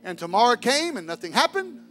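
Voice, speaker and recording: A man pastor, preaching a sermon, rising to shouts and dropping to a hush. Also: extremely high pitch, sing-song, brisk, faint music behind. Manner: preaching, swings from shouting to hushed.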